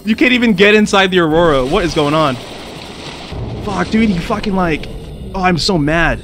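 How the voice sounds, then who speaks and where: A young man does let's play commentary on a survival game, jumpy and swearing a lot, yelping and panicking whenever creatures come near. His high-pitched voice is expressive and moves at normal speed, with background noise behind it.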